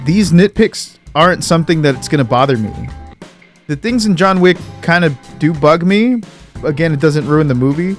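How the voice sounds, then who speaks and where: A man's voice: on the high side, animated, normal speed, faint music behind. A young man co-hosting a casual podcast, blunt and opinionated, swearing freely as he rants. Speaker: podcast co-host.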